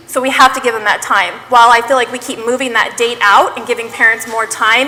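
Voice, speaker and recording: Earnest bright-voiced woman board president. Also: on the high side, long reverb tail, poor audio. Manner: earnest, plainspoken, impassioned. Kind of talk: public meeting address. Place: school board meeting room. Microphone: meeting microphone on a live stream.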